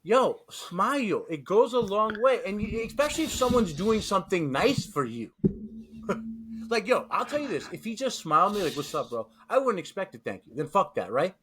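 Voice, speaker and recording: A man with a somewhat high voice chats on a podcast in a loose, profane way. He is from New York and tells stories with animated energy. A faint background noise sits under his voice. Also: moderate pace. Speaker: podcast co-host. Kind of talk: casual podcast chat.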